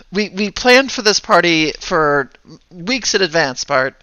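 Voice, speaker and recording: A man's voice: sits high, expressive, slow, pushed and bright, smooth, no room sound, highs cut off, voice pushed up, full character voice. A man voicing a strict, impatient middle-aged mother who scolds her child in a tabletop game. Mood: scolding. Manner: scolding, exasperated.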